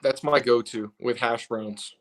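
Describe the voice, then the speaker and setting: A man's voice: mid-range voice, measured pace. Tired man co-hosting a live stream; loose, rambling trainer talk. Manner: relaxed, rambling, reads comments aloud. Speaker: co-host, personal trainer. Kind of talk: casual live-stream chat.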